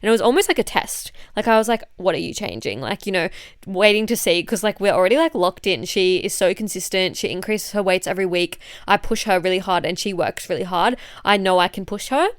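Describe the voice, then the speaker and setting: A woman's voice: mid-range voice, brisk, clear, resonant tone, dry recording, studio quality. A woman with an Australian accent, a fitness coach and podcast host who is a bit unwell, talking in a blunt, chatty, swear-heavy way. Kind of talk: casual chat monologue.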